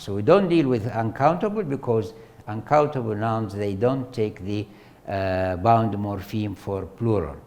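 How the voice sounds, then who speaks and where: A man, a native Arabic speaker, lectures in English at an unhurried pace, his pitch rising and falling in a lively way. He speaks in halting stretches, full of fillers and repeated words. He often turns to the class with questions as he teaches. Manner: slow, halting delivery with many fillers and repetitions, asks the class questions. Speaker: university lecturer. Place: lecture hall.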